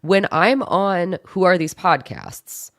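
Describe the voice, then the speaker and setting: A woman's voice: on the low side, animated, dry recording, studio quality. A woman guest on a film podcast, talking frankly and firmly in casual chat. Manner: frank, opinionated, quick asides.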